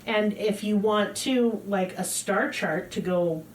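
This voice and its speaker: A woman's voice: medium pitch, slow, slight background noise. A woman, co-hosting a podcast in a blunt, profane, joking way. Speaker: podcast co-host. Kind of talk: casual chat.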